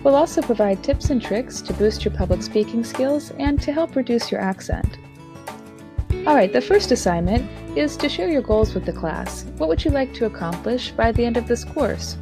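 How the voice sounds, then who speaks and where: With music playing underneath, a woman in her thirties with a slightly high voice teaches an online speaking course at a moderate pace. Her delivery is clear, expressive, and carefully articulated.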